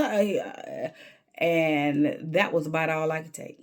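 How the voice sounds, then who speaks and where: A woman's voice: deep voice, slow. A woman vlogger telling a candid story in an emphatic way, repeating words when she gets worked up.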